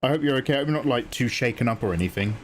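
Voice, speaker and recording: A man's voice: mid-range voice, animated, fast talker, a little hiss or hum. A British man chatting casually with viewers on a live art stream, telling stories in a rambling, chatty way with casual swearing.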